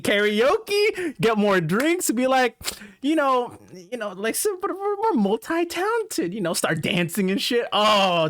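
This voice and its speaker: A young man hosting a podcast, telling stories in an animated, laughing, foul-mouthed way. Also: high voice, no room sound, clean studio sound. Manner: animated, laughing, swears a lot. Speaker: podcast host. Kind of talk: casual podcast storytelling.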